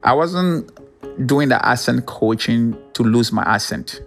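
Ghanaian guy talking slow n earnest, gravelly voice, faint music under. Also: mid-range voice, animated. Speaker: motivational speaker. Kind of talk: interview talk.

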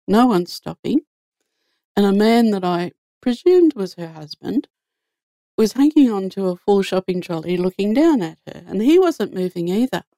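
A woman guest shares an earnest faith story in an easy, conversational way. Her mid-range voice is expressive and dark-toned at a normal speed, recorded clean in a studio with no room sound.

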